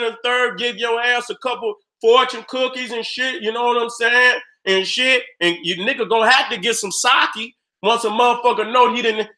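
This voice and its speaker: Speaking straight to his viewers, this man delivers loud, profane ranting commentary in street slang, repeatedly acting out brief dialogues. His voice is very high, bright and sharp-edged, and his manner heated and streetwise.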